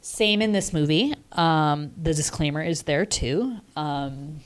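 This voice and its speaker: Low, smooth-voiced woman podcaster. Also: slow. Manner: meandering, thinks aloud. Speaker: podcast co-host. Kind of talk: casual film-review chat.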